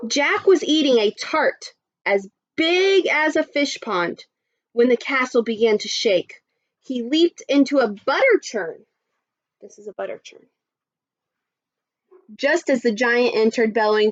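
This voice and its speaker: Woman teacher reading a storybook aloud, slow and expressive, muffled recording. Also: a little high. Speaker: primary school teacher.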